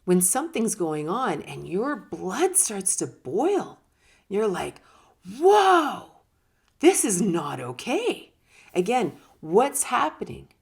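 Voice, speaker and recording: A woman with a gravelly, fry-touched voice talks through ideas in a relaxed, conversational teaching manner. She leans on words for emphasis and slips into little acted-out quotes along the way. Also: medium pitch, slow pace. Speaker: speaker on personal growth. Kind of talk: casual spoken teaching talk.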